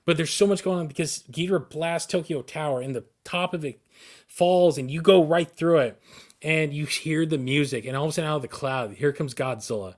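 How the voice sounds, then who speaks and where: Male podcast co-host, slightly high voice, excitable rambling storyteller who keeps restarting his sentences. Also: fairly quick.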